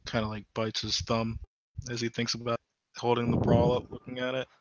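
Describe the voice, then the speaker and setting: A man's voice: medium pitch, flat delivery, normal speed, no echo, highs cut off. A man playing a tabletop game, describing his character's actions in a hesitant, filler-heavy way. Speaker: player.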